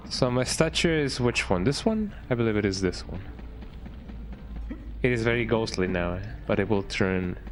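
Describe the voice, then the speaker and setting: Over noisy background and game music, a fairly low-voiced man streams a video game, giving relaxed, rambling commentary and often ending lines with a quizzical "eh?".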